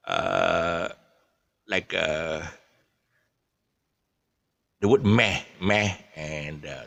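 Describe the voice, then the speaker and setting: A man with a Malaysian English accent talks in a casual vlog ramble, stopping and restarting often and slipping in jokes. His voice sits low but rises and falls widely as he talks. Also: gravelly, a bit bright, no echo. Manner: rambling, full of ums and restarts, jokey. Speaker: vlogger. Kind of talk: casual monologue explaining local slang.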